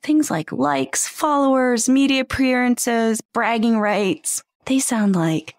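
A woman's voice: fairly high pitch, slow, hardly any pauses, dry recording, studio quality. A woman hosting a podcast, talking earnestly in a conversational way and posing rhetorical questions to the listener. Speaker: podcast host. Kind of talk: reflective podcast monologue.

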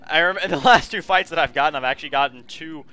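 Talking fast in a bright, forceful, higher-pitched voice, this let's play host keeps up chatty game commentary, calling his audience friends and often saying sorry for his remarks.

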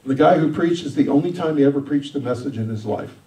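A man, a senior pastor, telling his own story in a sermon, emphatic, swinging between loud and soft. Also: a little high, quick pace, reverberant, recorded from a distance, rough recording. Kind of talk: sermon testimony.

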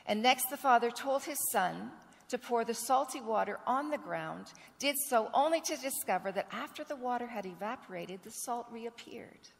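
A woman pastor preaching a sermon with earnest storytelling, clearing a rough throat now and then. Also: fairly high pitch, lively intonation, moderate pace, few pauses. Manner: earnest storytelling, acts out quoted dialogue. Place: church sanctuary. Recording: long reverb of a church sanctuary.

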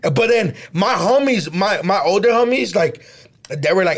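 Man, podcast co-host, gravelly, slightly high, slangy casual storytelling. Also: animated, a little slow. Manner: loose, slangy storytelling, drops Spanish phrases. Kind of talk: casual chat. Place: podcast studio.

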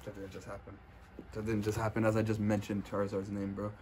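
A young man vlogging as he opens trading card packs indoors at a friend's house, casual and foul-mouthed, trash-talking and bursting into loud hype. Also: lowish voice, fast, a little hiss or hum. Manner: profane, brash trash-talk; excitable, swings into loud hype. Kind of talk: casual unboxing commentary.

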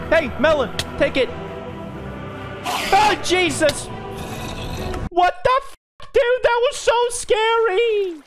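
A man giving let's play commentary while gaming, excitable, shrieking in panic and cursing. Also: very high voice, slow, long pauses. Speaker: gaming video creator. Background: music.

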